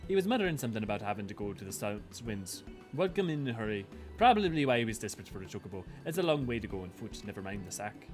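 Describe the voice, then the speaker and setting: A man's voice: lowish voice, sing-song, fast talker, soft background music, voice pushed down. A man voicing a chatty, mercenary chocobo merchant in a game, in a breezy, offhand way.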